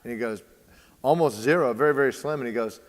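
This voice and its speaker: A man's voice: medium pitch, fast. Storytelling man in a reverberant hall. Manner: storytelling, acts out quoted dialogue, many fillers. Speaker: baseball training host. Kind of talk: casual podcast conversation.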